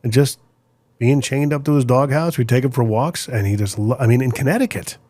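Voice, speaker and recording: Relaxed man in casual chat, dry sound. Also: mid-range voice, brisk, dry recording.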